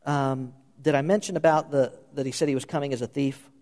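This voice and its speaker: A man's voice: mid-range voice, fairly even intonation, fairly quick, a little mellow, long reverb tail. A man preaching a sermon, impassioned and at times pleading. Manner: impassioned, rising to pleading intensity. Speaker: pastor.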